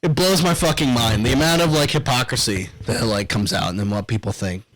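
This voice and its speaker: A man's voice: medium pitch, fairly quick, soft background music, poor audio. A young adult man co-hosting a casual podcast, rambling and profane, often breaking into laughter. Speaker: podcast co-host.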